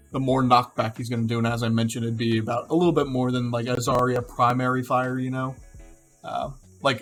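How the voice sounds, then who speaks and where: A young man casually rambling through game hero concepts, with many fillers and self-corrections. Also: medium pitch. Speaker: gaming video creator.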